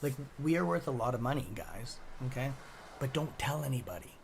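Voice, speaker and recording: A man's voice: mid-range voice, sing-song, brisk, vocal fry, background noise. A man hosting a casual live stock-trading stream, rambling and chatty with a sore throat, swearing now and then.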